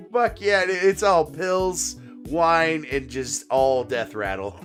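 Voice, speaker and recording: A man's voice: a little high, a bit bright. A man co-hosting a casual podcast chat, laughing often and swearing freely in a rambling way. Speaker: podcast co-host.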